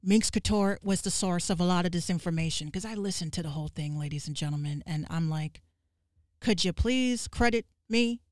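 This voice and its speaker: A woman podcast host ranting on a livestream, profane and fiery, with quick asides to her viewers. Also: sits low, fairly even intonation, darkish tone, dry recording, clean studio sound. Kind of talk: livestream rant.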